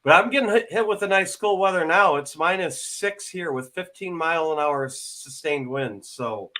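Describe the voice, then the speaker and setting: Bright-voiced, hesitant man. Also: on the high side, lively intonation, moderate pace, rough recording. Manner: hesitant, lots of fillers. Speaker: panel participant. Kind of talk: casual online panel chat.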